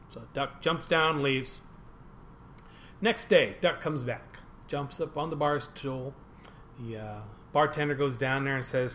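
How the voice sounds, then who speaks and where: Halting, joking older man. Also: medium pitch, fairly even intonation, a bit bright, a little hiss or hum. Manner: self-deprecating, halting, with many restarts. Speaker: podcast co-host. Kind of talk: casual chat, joke telling.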